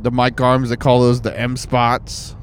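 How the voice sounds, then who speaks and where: A man with a New Zealand accent hosting a podcast, bantering casually and haltingly with many fillers. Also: mid-range voice, monotone, a little hiss or hum. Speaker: podcast host.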